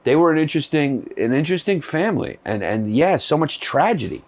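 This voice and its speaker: A man's voice: on the high side, big pitch swings, brisk. A male comedian in casual chat, telling stories in a laid-back, rambling way. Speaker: comedian guest. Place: small shed.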